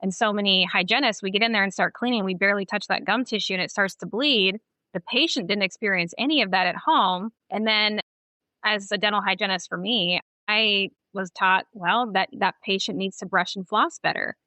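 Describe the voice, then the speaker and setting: Woman host, dental hygienist; bright tone, steady explainer, dry recording. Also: mid-range voice, brisk, dry recording. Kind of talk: casual interview conversation.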